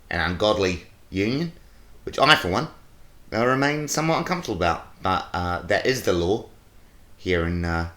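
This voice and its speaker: A man's voice: deep voice, pushed and bright. A man voicing a bumbling presenter who stumbles through a disclaimer with constant "uh"s. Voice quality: halting, full of "uh"s, awkward.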